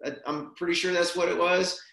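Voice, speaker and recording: A man's voice: high voice, a little fast, vocal fry. A man telling a personal story in casual, rambling conversation, tossing in "man" and "dude" as he goes. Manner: relaxed, rambling, peppers speech with "man" and "dude". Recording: roomy echo.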